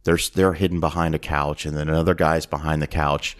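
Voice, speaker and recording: A man's voice: rumbling low, fairly quick. A man hosting a podcast, animatedly retelling a film's plot in casual chat and acting out its lines. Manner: animated storytelling, acts out quotes. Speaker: podcast host. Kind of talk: casual movie recap.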